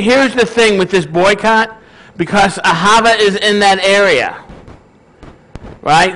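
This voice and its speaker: High-voiced male pastor preaching casually. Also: a bit bright, rough recording. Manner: conversational, asks the congregation questions. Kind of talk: sermon.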